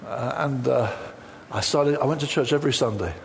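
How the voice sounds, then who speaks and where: A man's voice: mid-range voice, normal speed, creaky, a little hiss or hum. A man preaching a sermon, telling a personal story full of quoted dialogue. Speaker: pastor.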